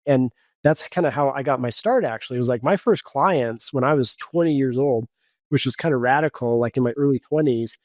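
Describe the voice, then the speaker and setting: A man in his forties from Kansas talks as a podcast guest, winding through his stories with constant "like" and "you know". His voice sits at an ordinary pitch for a man. The sound is dry and close, with no room echo. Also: brisk, a little mellow. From Kansas, USA. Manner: rambling, lots of "like" and "you know". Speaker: guest coach. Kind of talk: casual podcast storytelling.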